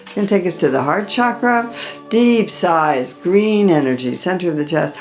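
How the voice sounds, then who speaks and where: A woman teaching a guided chakra meditation, giving slow, soothing instructions between chanted mantras. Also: on the low side, lively intonation, faint music behind.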